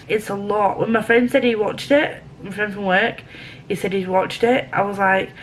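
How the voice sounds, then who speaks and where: A woman's voice: medium pitch, steady tone, moderate pace, slight background noise, poor audio. Chatty woman rambling to camera. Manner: chatty, rambling, self-interrupting. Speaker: book vlogger. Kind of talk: casual chat to camera.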